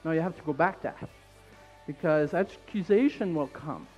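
A man with a French Canadian accent preaching a fervent sermon in church, repeating his points and building up to shouts. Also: a little high, moderate pace, faint music behind, low-quality recording.

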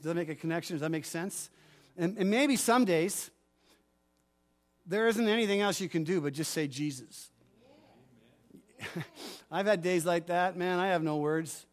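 A male pastor preaching a sermon, moving between forceful commands and quieter asides, and often asking the congregation if they follow. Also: sits high. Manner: preaching with rising fervor, commanding declarations; asks the congregation for responses.

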